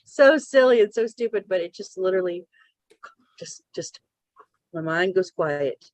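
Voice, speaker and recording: Female co-host, unhurried delivery, giggly and profane, dry close sound. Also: lowish voice, animated, dry recording. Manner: giggly, swears casually. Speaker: podcast co-host. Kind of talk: casual banter.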